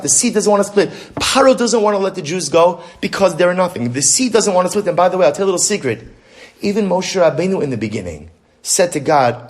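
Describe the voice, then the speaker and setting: Animated male rabbi lecturing. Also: high-pitched, quick pace. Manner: animated, rhetorical questions. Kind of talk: religious lecture to women.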